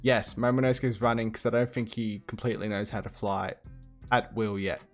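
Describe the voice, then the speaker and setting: A man's voice: on the low side, steady tone, a little fast, faint music behind. Man casually recapping a manga chapter. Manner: loose recap with fillers, quoting characters in passing. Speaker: manga reviewer. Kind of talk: casual chapter review monologue.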